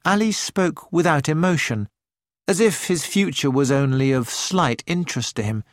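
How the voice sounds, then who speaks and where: A man reading an audiobook in a measured, deliberate storytelling manner. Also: on the high side, dry recording, clean studio sound. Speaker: audiobook narrator. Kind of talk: scripted narration.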